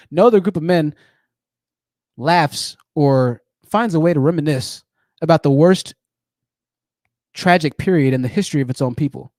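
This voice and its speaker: A man hosts a live-streamed call-in show, commenting and talking with callers in a combative, sarcastic way and often repeating phrases for emphasis. His voice is medium-pitched and a little mellow, with clean studio sound and no echo.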